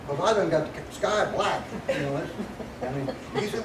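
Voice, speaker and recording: A man's voice: a little high, brisk. An older man telling a folksy military story to an audience with a laugh. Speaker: guest speaker. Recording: echoey hall, mic at a distance, noisy.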